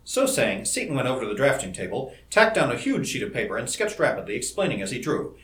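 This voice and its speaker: A man narrating a story in an audiobook with expressive delivery. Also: mid-range voice. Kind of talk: scripted narration. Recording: roomy echo.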